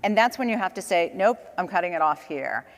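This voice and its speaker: A woman's voice: on the low side, expressive, brisk, in a large hall. A woman speaking as a guest on a conference panel, a chatty storyteller who laughs between her points. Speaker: panel guest, communications director. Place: conference stage.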